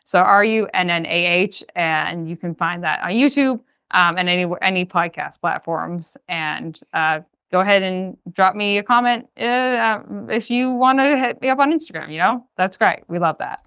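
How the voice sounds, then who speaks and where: A woman's voice: fairly low pitch, normal speed, hardly any pauses, a bit bright, smooth. A woman with a Boston accent, a guest chatting casually on a podcast with frequent fillers. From Massachusetts.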